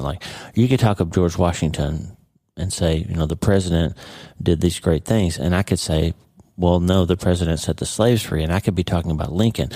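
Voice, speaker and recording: A man with a very low, mellow voice teaches a Bible study method in a relaxed, chatty way. He often stops to check in with "okay?" and "right?". The recording is close and dry, with no room sound. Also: dry recording. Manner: conversational, repeats words and checks in with "okay?" and "right?". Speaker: podcast host and Bible teacher. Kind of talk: casual devotional teaching.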